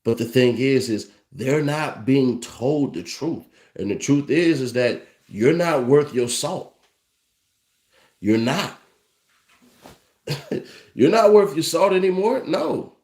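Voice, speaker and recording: Speaking slowly with long pauses, this young adult commentary host uses a medium-pitched, expressive, slightly mellow voice for a profane, mocking rant to camera. He laughs often, and the room echoes.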